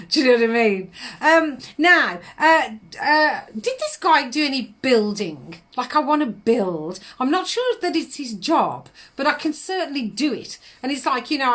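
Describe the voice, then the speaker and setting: A woman's voice: on the high side, fairly bright tone. A middle-aged woman, giving psychic readings on a live stream in a chatty manner, laughing often and calling viewers darling.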